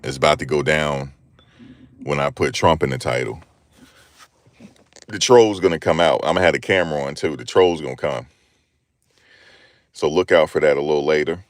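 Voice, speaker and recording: A man's voice: very deep voice, normal speed, pauses often, no room sound, studio quality. A man chatting casually on a live stream as a rideshare driver, laid-back and repetitive with street slang.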